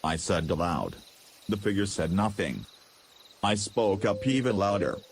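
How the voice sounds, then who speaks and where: Goofy deadpan man telling a silly story. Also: low voice, a little slow, a little hiss or hum. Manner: goofy, deadpan, absurd humor with silly voices. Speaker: podcast storyteller. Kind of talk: comic first-person story narration.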